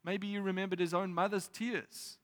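A man's voice: high voice, flat delivery. Man preaching in an echoing hall. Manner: reflective, reads scripture aloud with pauses. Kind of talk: sermon. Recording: long reverb of a hall.

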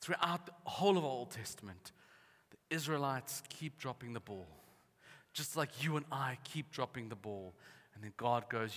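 A man preaching a lively sermon, acting out the voices of the people in his stories. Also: medium pitch, normal speed. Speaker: pastor. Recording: reverberant hall.

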